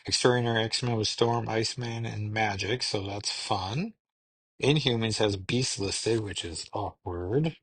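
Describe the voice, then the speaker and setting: A man's voice: lowish voice, unhurried, a bit bright, breathy edge. A man hosting a podcast, casually recapping a story in a rambling way, thinking aloud with frequent ums. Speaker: podcast host reviewing comics.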